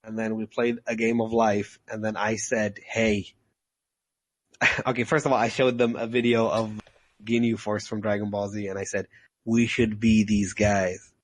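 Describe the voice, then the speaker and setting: A man's voice: fairly low pitch, flat delivery, normal speed. A young man co-hosting a casual podcast, telling a rambling story with jokes. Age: young adult. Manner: rambling storyteller, jokey, laughs often. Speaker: podcast co-host. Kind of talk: casual chat.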